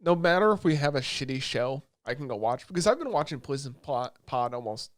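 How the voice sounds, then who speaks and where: A man co-hosting a podcast, excitedly retelling scenes in casual chat and swearing often. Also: mid-range voice, a little fast, no echo, studio quality. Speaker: podcast co-host.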